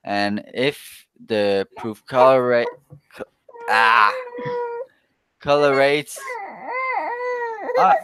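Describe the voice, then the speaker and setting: Slow, halting man on a livestream. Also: mid-range voice, fairly bright tone, clean tone, no room sound. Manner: halting, stumbles over words. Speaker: livestream guest. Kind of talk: casual livestream chat.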